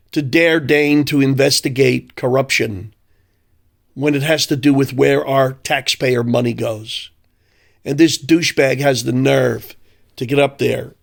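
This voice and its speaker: Male commentator, gravelly and mocking, ranting solo. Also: medium pitch. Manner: angry, sarcastic, mocking.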